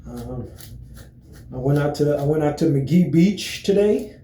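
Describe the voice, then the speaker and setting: Rambling man with a dark echoey voice. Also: fairly high pitch, unhurried, slight background noise. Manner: rambling, many fillers and repeated restarts; relaxed, friendly greetings. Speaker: vlogger. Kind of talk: casual chat to camera.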